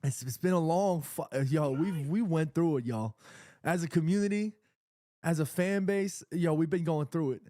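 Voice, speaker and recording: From his apartment, with neighbors nearby, an excitable man hosts a live football watchalong, talking to viewers in loose, slangy fan chatter that turns emotional. His voice is a little high and his pace moderate. The recording is close and dry, like a home streaming mic.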